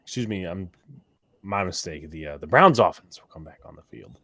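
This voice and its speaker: A man calling the plays on a fan livestream, his voice sitting low but moving a lot. He rises sharply for the big moments and jokes in between. The sound is close and dry. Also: moderate pace, dry recording. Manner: excited play calls, joking banter. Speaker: play-by-play commentator. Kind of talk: fan livestream sports commentary.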